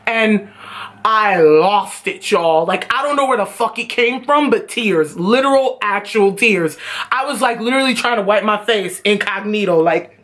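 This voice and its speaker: A woman vlogger telling a casual storytime, animated and profane, often laughing. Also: mid-range voice, normal speed.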